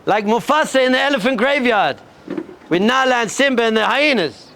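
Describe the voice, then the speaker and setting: A man, a rabbi, giving an energetic pep talk to yeshiva students, telling a story and acting out bleating sheep and a roaring lion, with emphatic, repeated punchy lines. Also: extremely high pitch, fairly quick, slight background noise.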